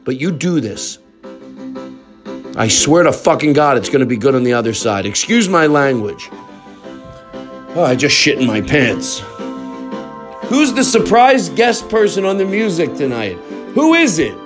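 A man's voice: on the high side, very animated, measured pace, long pauses, music in the background. A man hosting his own show, rambling and cursing in loose comedic banter, now and then singing off-key. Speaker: show host.

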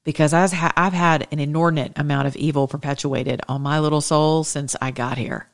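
A woman minister preaching with fervent testimony, swinging between loud declarations and hushed asides. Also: sits low, steady tone, brisk. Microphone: studio microphone.

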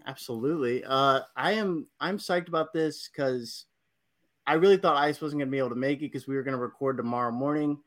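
A man with a Texan accent hosting a podcast, enthusiastic and casual, with plenty of fillers. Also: medium pitch. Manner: enthusiastic, filler-heavy, quick. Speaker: podcast host. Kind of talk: casual chat.

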